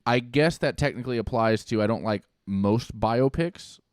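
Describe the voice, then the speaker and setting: A man co-hosting a podcast, rambling in deadpan ironic banter and laughing often. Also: medium pitch, normal speed, dry recording, clean studio sound. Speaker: podcast co-host.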